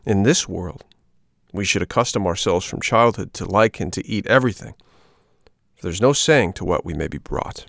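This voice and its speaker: A patient old father, gently lecturing his boy, as a man voices him. The voice is low and gravelly, calm and steady in a storybook reading. The sound is dry and close. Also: moderate pace, dry recording.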